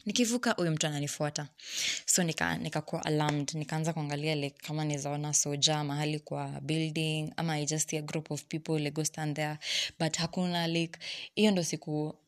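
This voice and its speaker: A young Kenyan woman telling a personal story in a lively, exasperated way, switching between English and Swahili slang. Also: low-pitched, a little fast.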